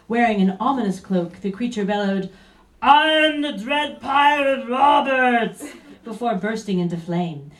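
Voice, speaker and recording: A woman telling a comic story aloud in a theatrical, playful narrating manner. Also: medium pitch. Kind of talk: comic live story reading. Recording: roomy, distant mic.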